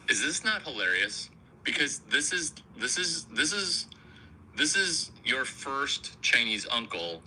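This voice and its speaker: A man riffs through a comic monologue at a slow, deliberate pace. His voice is pressed and forceful, with a sharp edge. He stays provocative and crude, often turning the joke on himself. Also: mid-range voice, big pitch swings, a little hiss or hum, rough recording. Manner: provocative, crude, self-mocking. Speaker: comedian host.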